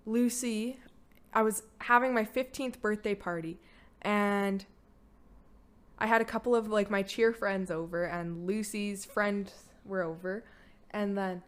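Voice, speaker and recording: As a guest on her parent's podcast, a young adult woman tells her own story candidly and casually, leaning heavily on "like" and swearing bluntly. Her voice is medium-pitched with a clean tone.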